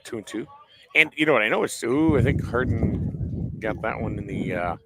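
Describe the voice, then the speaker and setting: A man calls a baseball game outdoors on a cold, windy day, drifting into relaxed stories and easy jokes. His voice is gravelly and his pitch swings widely as he talks. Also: moderate pace. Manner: chatty storyteller, easy joking. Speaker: baseball play-by-play commentator. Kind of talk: casual sports commentary.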